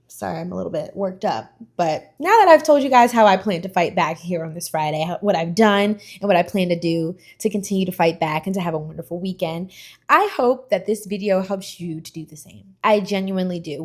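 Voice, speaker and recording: Young woman vlogger, mid-range voice, animated and emphatic, casual slangy delivery of motivational talk straight to camera. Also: medium pitch.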